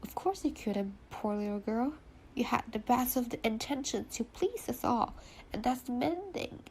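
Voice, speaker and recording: Fond patronizing husband, read by a woman in a gravelly, fairly high voice, stuffy nose, faint hiss. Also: animated, normal speed, a little mellow. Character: fond, condescending husband, man.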